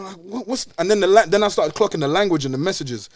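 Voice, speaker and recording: Brief: man, quick and high-pitched, slangy animated storyteller on a podcast. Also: dry recording. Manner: animated, slangy, swears a lot. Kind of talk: casual storytelling chat.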